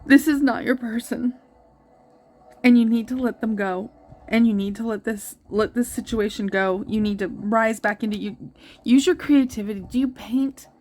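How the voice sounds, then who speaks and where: A woman giving a tarot reading to her viewers, earnest and reassuring, thinking aloud as she lays out the cards. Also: mid-range voice. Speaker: tarot reader.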